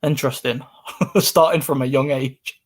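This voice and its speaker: A man's voice: medium pitch, fairly even intonation, measured pace. A man, casually chatting on a live stream and answering comments in a rambling way. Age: 20s.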